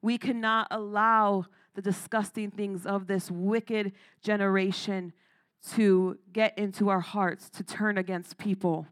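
A woman's voice: mid-range voice, flat delivery, unhurried. A woman preaching a sermon, emphatic, calling out to the congregation and laughing between points. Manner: emphatic, calls out "Amen?" and "Come on".

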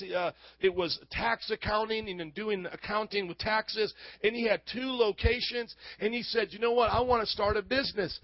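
A man with a high voice preaches a sermon, emphatic and full of call-and-response questions to the congregation. The sound is dull and lo-fi, with a close, dry feel and no room echo. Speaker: pastor.

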